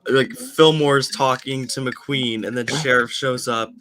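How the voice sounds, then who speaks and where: A man's voice: mid-range voice, steady tone, measured pace, a crowd in the background. A young man on a livestream, joking and rambling in casual chat. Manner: jokey, rambling, slips into silly voices. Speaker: friend on livestream.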